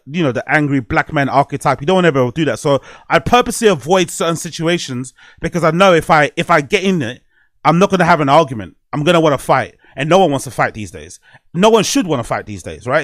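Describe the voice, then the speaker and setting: In a casual podcast monologue, the host candidly rambles through a personal story and swears a lot. His voice runs on the high side, and the studio-quality recording has no echo.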